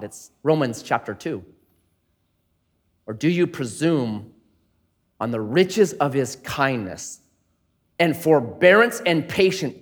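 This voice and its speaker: Man, middle-aged, pastor preaching, high voice, very lively pitch, loud playful bursts and hushed earnest asides. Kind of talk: sermon.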